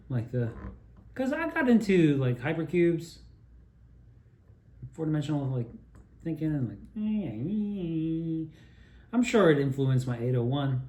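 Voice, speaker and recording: A man telling rambling childhood stories in a profane, digressive, animated way while sipping beer. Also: mid-range voice, roomy sound. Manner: drinking beer while talking. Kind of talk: rambling personal storytelling monologue.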